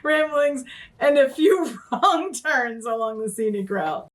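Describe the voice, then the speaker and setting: Giggly high-voiced woman hosting. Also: animated, slow, loud music behind the voice. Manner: giggly, playful, slipping into pirate talk. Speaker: board game podcast co-host. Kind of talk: casual review chat.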